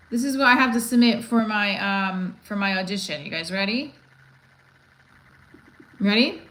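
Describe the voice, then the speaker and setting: A woman's voice: mid-range voice, normal speed, long pauses, a bit bright, slight background noise, rough recording. A woman hosting a casual live stream, rambling, restarting her sentences and reading viewer comments aloud. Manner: rambling, restarts often, reads chat aloud. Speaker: livestream host.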